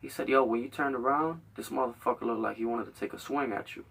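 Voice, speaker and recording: A man's voice: medium pitch, fast, vocal fry, fairly bright tone, recorded from a distance, slight background noise. A young man hosting a show, telling a heated, profane story full of acted-out quotes. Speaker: podcast host.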